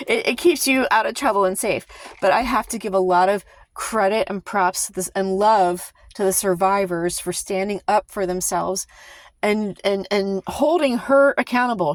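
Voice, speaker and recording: A woman's voice: medium pitch, dry recording. A woman vlogging a heated, emphatic commentary, sighing and restarting her sentences as she talks. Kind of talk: impassioned casual commentary to camera.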